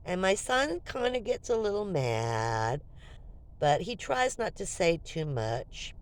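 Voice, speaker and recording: An older woman vlogging, telling a story to her viewers in a casual, animated and jokey way. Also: fairly low pitch, slow.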